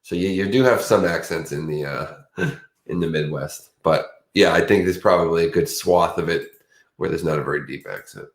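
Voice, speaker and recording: A man's voice: low voice, moderate pace, reverberant. A man hosting a livestream in casual, rambling chat, chatty and self-mocking. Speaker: livestream host.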